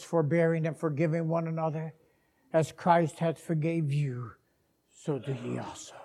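A man preaching a sermon, dropping to hushed whispers and rising to shouted climaxes, with slow deliberate pauses. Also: a little high, husky.

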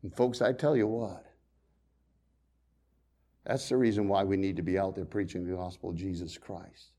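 A man pastor preaching a sermon, swinging between loud emphasis and quiet, hushed storytelling. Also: sits low, steady tone, moderate pace.

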